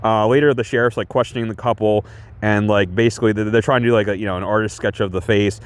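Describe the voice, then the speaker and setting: A man's voice: fairly low pitch, steady tone, fast, clear, resonant tone. A man casually talking through a movie he reviews, rambling with lots of fillers and restarts and chuckling often. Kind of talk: casual film review chat.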